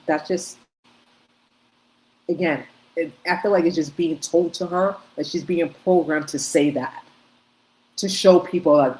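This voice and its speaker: Low-voiced woman giving emphatic commentary. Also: a little slow, pauses often, a little mellow, a little hiss or hum, low-quality recording. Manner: emphatic, repetitive, talks in short bursts with restarts. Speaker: commentary host. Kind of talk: opinionated commentary on video clips.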